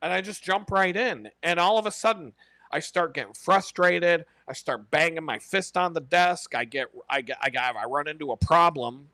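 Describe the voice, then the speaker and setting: A man hosting a casual live stream, talking in an animated, profane way and laughing often. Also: on the high side, moderate pace, no room sound.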